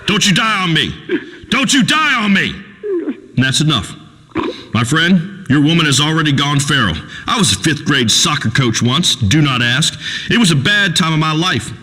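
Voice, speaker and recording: A man's voice: fairly high pitch, pushed and bright, long reverb tail, full character voice. An actor playing a crude, preachy rural male talk radio host who rambles and pontificates in a folksy way. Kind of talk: radio call-in show acting.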